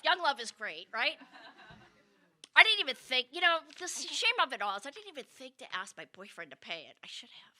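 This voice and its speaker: Woman, comedic storyteller, high voice, very lively pitch, wry asides. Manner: animated, wry asides to listeners.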